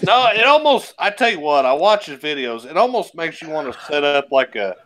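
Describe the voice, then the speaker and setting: A man's voice: on the high side, a little fast. A man hosting a casual live stream chat, swearing freely and laughing a lot as he tells stories. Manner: profane, laughs often, animated storytelling.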